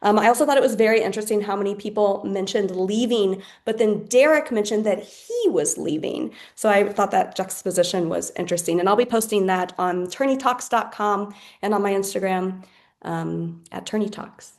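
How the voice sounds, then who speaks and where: A woman of middle pitch hosts an online poetry event over a video call. She talks in a chatty, thankful way, with plenty of ums along the way. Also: normal speed. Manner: chatty, thankful, with frequent fillers. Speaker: host and moderator. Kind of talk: casual online wrap-up.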